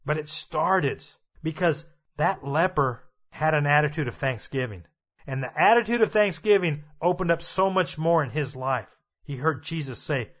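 Man preaching a sermon, high voice, emphatic, repetitive, talks straight to listeners, dull lo-fi sound. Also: animated, normal speed, a bit bright.

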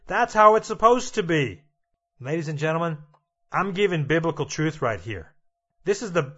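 Man preaching a sermon, high voice, emphatic, repetitive, talks straight to listeners, dull lo-fi sound. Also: a bit bright.

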